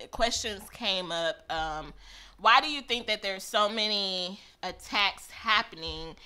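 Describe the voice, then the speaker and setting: Bright-voiced woman hosting radio talk. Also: medium pitch. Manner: earnest, many "um" fillers, stumbles over names. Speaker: radio show host. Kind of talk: reading out news topics on a talk show.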